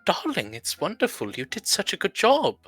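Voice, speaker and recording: A man's voice: high voice, wildly swooping pitch, normal speed, a bit bright, breathy edge, faint music behind, pitched above the performer's own voice, heavily acted. A man doing a doting mother who says darling. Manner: tender, calls everyone darling.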